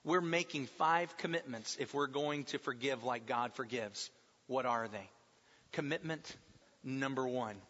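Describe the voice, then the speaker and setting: A man preaching a sermon as pastor, emphatic, dropping soft and slow when he quotes. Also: medium pitch, in a large hall, highs cut off.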